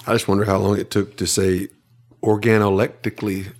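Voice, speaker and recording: A man's voice: low-pitched, little pitch movement, fast. A man co-hosting an interview show, joking and teasing in casual banter.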